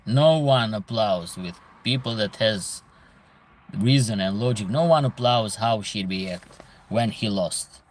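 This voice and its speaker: Taking it slowly in a lowish voice, this Albanian-accented host responds to viewer comments during casual live commentary. He speaks emphatically and repeats phrases to drive his points home.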